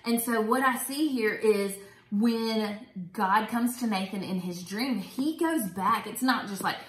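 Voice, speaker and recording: Woman, casual Bible study host, chatty, enthusiastic, mid-pitched voice, echoey room. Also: a little slow, slight background noise. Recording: roomy echo.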